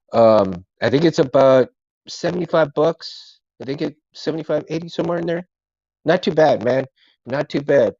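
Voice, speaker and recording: A man's voice: medium pitch, gravelly, darkish tone, no room sound, highs cut off. A man hosting a casual live stream, talking to his chat in a rambling, friendly way and calling everyone dude and man.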